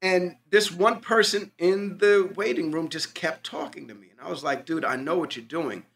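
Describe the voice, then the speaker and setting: A man chatting casually about the acting world, telling his stories with plenty of swearing and quoted dialogue. His voice sits a little on the high side. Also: moderate pace, gravelly, a bit bright. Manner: loose, profane anecdotes with quoted dialogue. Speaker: actor, podcast guest. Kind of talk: casual storytelling chat.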